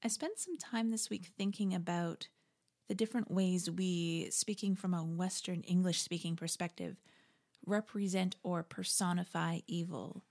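A woman hosting a reflective faith podcast, talking in a conversational, wry way with animated asides. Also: on the low side, moderate pace. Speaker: podcast host. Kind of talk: reflective spoken commentary.

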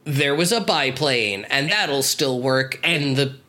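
A male podcast co-host wryly recaps a cartoon plot in casual chat, swearing and laughing often. His mid-range voice is slow, pushed and bright.

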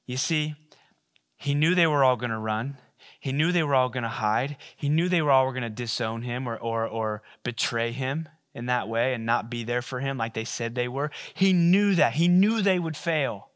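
A male pastor preaching a sermon, retelling the story in a casual, animated way with playful asides. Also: medium pitch, moderate pace.

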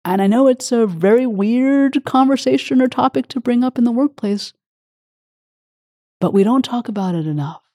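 A woman's voice: fairly high pitch, normal speed, dark tone, no echo, clean studio sound. A woman hosting an interview, openly emotional and affirming toward her guest. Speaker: host. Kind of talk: interview conversation.

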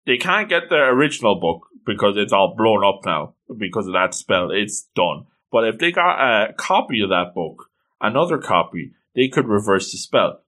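A man giving casual, excitable commentary as he reads through a comic, with playful exclamations. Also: fairly low pitch, moderate pace. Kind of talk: casual read-along commentary.

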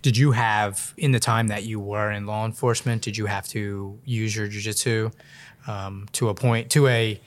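A man co-hosting a casual interview, asking halting questions with frequent restarts. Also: fairly low pitch, steady tone. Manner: halting questions, many restarts and backchannel agreement. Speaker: podcast co-host.

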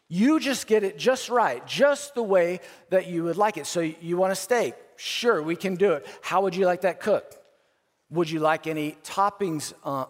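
A pastor preaching a sermon in a casual, energetic way, often stumbling over and repeating his words. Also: a little high. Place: large church auditorium. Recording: long hall reverb.

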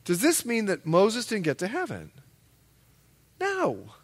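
A male pastor preaching a sermon, telling stories with lively acted-out quotes and emphatic, loud peaks. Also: high-pitched, takes it slowly. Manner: animated storytelling with acted-out quotes.

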